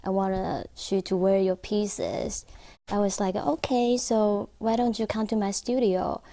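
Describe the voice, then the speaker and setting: Woman, interview guest, halting English full of fillers, gravelly voice, dry studio sound. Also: mid-range voice, dark tone, no echo. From Taiwan. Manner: halting non-native English with frequent fillers. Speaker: guest, accessory designer. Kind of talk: interview storytelling. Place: filming studio.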